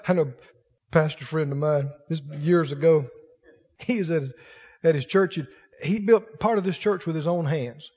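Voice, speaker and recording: High-voiced preacher man in echoing hall. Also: darkish tone. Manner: folksy, fires rhetorical questions at the congregation; colloquial, uses "ain't". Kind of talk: sermon. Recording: dull lo-fi sermon recording with long hall reverb.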